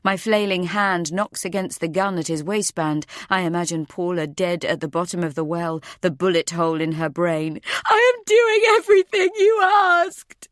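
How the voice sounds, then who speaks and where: A woman narrating a first-person thriller audiobook in a tense, measured way. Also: on the low side, fairly even intonation, no room sound, clean studio sound.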